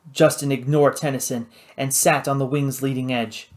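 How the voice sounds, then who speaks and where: A man reading an adventure novel aloud in steady, measured scripted narration. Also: medium pitch. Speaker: audiobook narrator.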